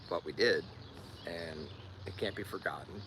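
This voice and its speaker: Speaking at a moderate pace in a voice that sits low, a Philadelphia-accented man from Delaware County, Pennsylvania, chats casually on a live stream. There's background noise, and he often repeats words as he gropes for them.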